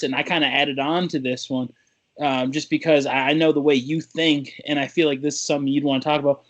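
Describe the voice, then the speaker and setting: A man co-hosting a casual talk show, trading playful insults with his partner. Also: a little high. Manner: playful trash-talking banter. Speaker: podcast co-host. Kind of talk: casual chat.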